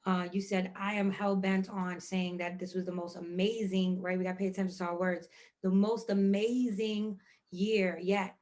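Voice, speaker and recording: A woman's voice: fairly low pitch, flat delivery, brisk, hardly any pauses, a little mellow. A woman in casual podcast chat, emotional and emphatic, repeating words of praise and encouragement. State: moved, emotional. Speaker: podcast co-host.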